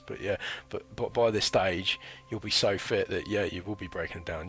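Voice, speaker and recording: A man's voice: sits low, steady tone, fairly quick, hardly any pauses, pushed and bright, a little hiss or hum. A man in his thirties telling a chatty, rambling story about his military training in a casual vlog. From United Kingdom. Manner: rambling and chatty, full of fillers and slang. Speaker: former recruit recounting training.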